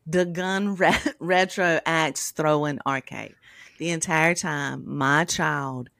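Woman, podcast co-host, animated profane storytelling, fairly low pitch, dry close recording. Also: slow pace, creaky, no room sound. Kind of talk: casual storytelling chat.

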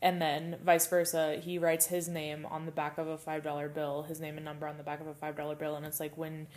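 A young woman co-hosting a podcast in casual chat, rambling and animated, swearing casually. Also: deep voice, fairly quick. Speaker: podcast co-host.

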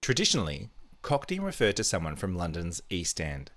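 A man co-hosting a casual podcast and running a quiz for his co-host. His voice sits very low, and his manner is playful and teasing. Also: huge pitch swings, brisk, a bit bright. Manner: playful, chatty, teasing quizmaster. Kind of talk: casual chat, reading a quiz.

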